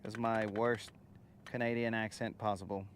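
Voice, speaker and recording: A man hosting a casual fishing livestream outdoors on a boat on a lake, relaxed and slangy, chatting to viewers and coaxing the fish. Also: on the low side, normal speed, slight background noise. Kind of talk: casual live-stream chat while fishing. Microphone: phone camera on the boat.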